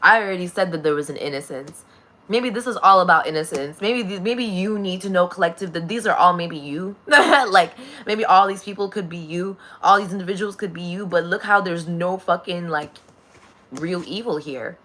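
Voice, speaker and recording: A woman's voice: on the low side, normal speed, fairly bright tone. A woman. She rambles, swears freely and breaks into laughter often. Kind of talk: casual spiritual monologue.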